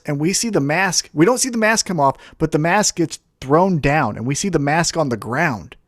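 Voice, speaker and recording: A man co-hosting a casual podcast, spinning an animated story and acting out quoted lines as he goes. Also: high voice, no room sound, studio quality. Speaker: podcast co-host. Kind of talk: casual wrestling podcast chat.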